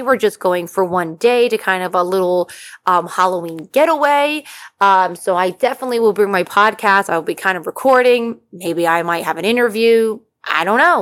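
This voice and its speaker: A woman hosting a podcast, talking in a chatty, rambling, casual way. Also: mid-range voice. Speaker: podcast host.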